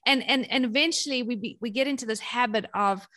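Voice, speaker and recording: Woman, from South Africa, fairly high voice, podcast guest, animated storyteller, repeats words. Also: quick pace. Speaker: parenting guest. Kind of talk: casual podcast conversation.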